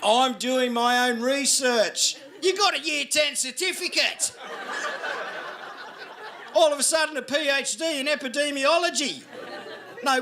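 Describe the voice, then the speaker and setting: A man's voice: very high voice, bright, forceful tone, a little hiss or hum. A middle-aged Australian man doing a brash stand-up comedy set, swearing freely and asking the crowd to agree with him. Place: live comedy venue with audience. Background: audience laughter.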